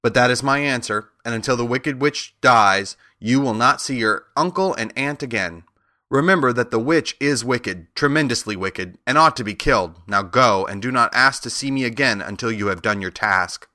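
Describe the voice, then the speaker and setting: A man's voice: medium pitch, sharp tone, no room sound, clean studio sound, close to an everyday voice. A man playing a stern giant wizard head. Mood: stern commanding. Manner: stern, commanding, measured.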